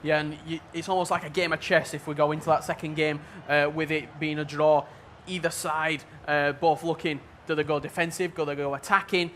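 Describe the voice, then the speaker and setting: A man giving play-by-play commentary on a football video game match, measured and level-headed in his analysis. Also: fairly high pitch, flat delivery, a bit bright, a little hiss or hum. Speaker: esports commentator.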